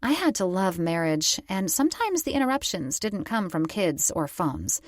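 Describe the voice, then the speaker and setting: A woman's voice: on the low side, big pitch swings, moderate pace, no room sound, studio quality. A woman narrating a first-person romance audiobook in a wry, conversational storytelling manner.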